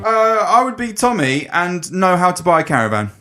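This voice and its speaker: Young guy podcast cohost, kinda high voice, swears a lot, laughs, trips over words. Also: very animated, moderate pace, pushed and bright, soft background music. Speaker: podcast co-host. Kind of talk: casual chat.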